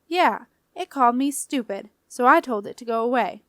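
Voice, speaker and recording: A woman's voice: on the high side, lively intonation, moderate pace, dry recording, studio quality, close to an everyday voice. A woman voicing a sulky, defiant teenage boy who whines in a raised voice.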